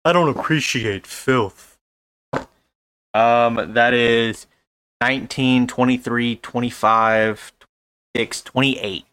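A man's voice: medium pitch, slow pace, pauses often, bright, forceful tone, slight background noise. A man playing a tabletop game who jokes around with the group. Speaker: player.

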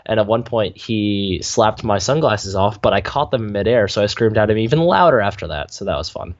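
A man co-hosting a sports podcast, talking casually with dry, deadpan humor. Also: lowish voice, a little fast. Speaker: podcast co-host. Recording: slightly dull lo-fi sound.

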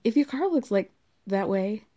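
A woman's voice: mid-range voice, animated, moderate pace, warm tone, lightly acted. A woman putting on a frantic, scolding mother. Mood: anguished. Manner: overwrought, melodramatic reading. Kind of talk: dramatic letter reading.

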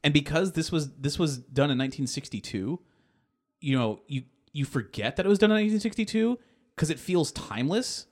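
Casting: man, casual podcast talker, animated storyteller, swears freely, loose and rambling. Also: on the high side, brisk. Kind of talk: casual chat.

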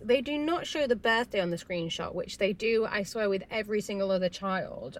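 A woman's voice: medium pitch, slight background noise. A woman recapping a reality TV episode in a casual, chatty way, talking with strong opinions and feeling.

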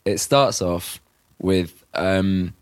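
A man's voice: sits low, drawn-out words, smooth, no echo, studio quality. A man in casual podcast chat, talking in a sardonic, mocking way.

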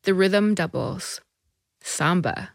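A woman reading a short story aloud as narrator, measured and even. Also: on the low side, gravelly, no room sound, clean studio sound.

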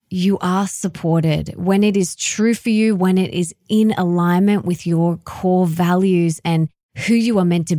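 A woman's voice: on the low side, a little mellow, no echo, studio quality. A woman podcast host speaking in an earnest, encouraging way to her listeners. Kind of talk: reflective interview remarks.

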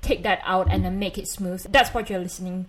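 A woman's voice: fairly low pitch, steady tone, brisk, rough recording. A woman from Malaysia with a Malaysian accent, co-hosting a casual podcast chat in a rambling way with lots of fillers. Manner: giggly, rambling, many fillers. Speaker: podcast co-host.

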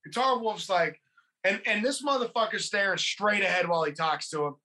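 A podcast host retelling a movie scene by scene in a casual, swearing, animated way. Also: medium pitch, a little fast. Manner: profane, animated storytelling.

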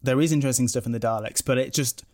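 Male podcast co-host, casual chat, mid-pitched, rambling delivery with lots of restarts. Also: racing, darkish tone. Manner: rambling, many restarts and self-corrections.

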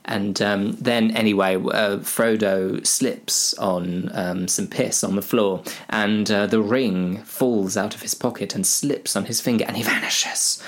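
A man's voice: fairly low pitch, steady tone, measured pace, few pauses. A man comically retelling a fantasy tale, rambling with lots of hesitations and self-mockery. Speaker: storyteller.

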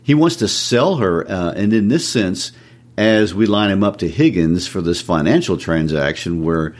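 A man's voice: low-pitched, lively intonation, normal speed. A man co-hosting a casual discussion of a play, explaining thoughtfully with frequent fillers. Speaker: podcast co-host discussing a play.

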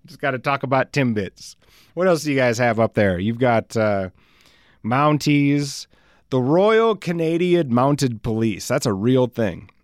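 A man's voice: medium pitch, animated, unhurried, no room sound, clean studio sound. A man from South Dakota hosting a casual solo podcast, rambling and self-deprecating as he jokes and tells stories. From South Dakota, USA. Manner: rambling, self-deprecating, jokey, puts on silly voices. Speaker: podcast host.

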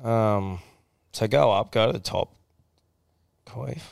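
A man's voice: fairly low pitch, slow, vocal fry, no echo, studio quality. A man co-hosting a podcast, chatting in a laid-back, sweary way. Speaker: podcast co-host. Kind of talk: casual chat.

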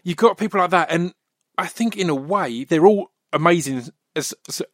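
A man's voice: high voice, moderate pace, fairly bright tone, dry recording, clean studio sound. A man interviewing a guest in a chatty, enthusiastic way, often agreeing. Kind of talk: interview conversation.

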